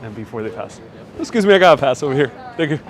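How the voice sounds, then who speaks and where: A man's voice: mid-range voice, very animated, fast talker. Chatty man on a walking livestream. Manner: chatty, reads viewer comments aloud, laughs often. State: a bit stuffy-nosed. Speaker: live-stream walking tour host. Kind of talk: casual live-stream chat while walking. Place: outdoors on busy city streets. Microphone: wireless clip-on mic. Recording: faint street noise outdoors.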